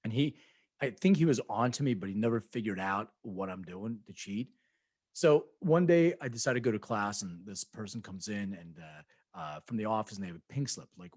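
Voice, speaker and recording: Low-voiced man telling rambling stories. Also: lively intonation, fairly quick, darkish tone, no room sound. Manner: rambling anecdotes, acts out quoted voices, laughs often. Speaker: podcast co-host. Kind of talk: casual chat, storytelling.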